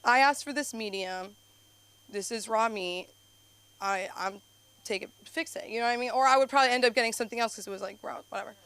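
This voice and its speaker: Young adult woman, stand-up comic, somewhat high voice, rambling and animated, handheld mic on a club stage. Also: fast, clear, resonant tone, no room sound. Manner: rambling, filler-heavy storytelling with frequent "like"; animated, jumps up in pitch for punchlines. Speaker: stand-up comedian. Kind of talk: open-mic stand-up set.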